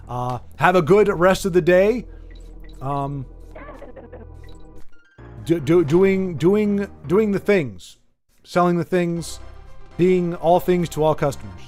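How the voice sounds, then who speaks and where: Hosting a laid-back livestream, a man from the United States with a rather high voice rambles and cracks jokes. He speaks straight to his viewers by name while game music plays faintly behind him.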